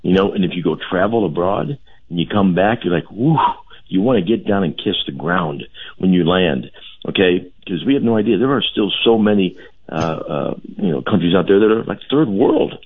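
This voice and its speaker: A very deep, husky man tells stories in a homespun, patriotic way and keeps circling back to his point. His voice comes through thin and phone-like, as on a radio line. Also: animated, fairly quick. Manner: folksy, patriotic, rambling storyteller. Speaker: car dealership owner, radio guest. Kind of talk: casual radio chat.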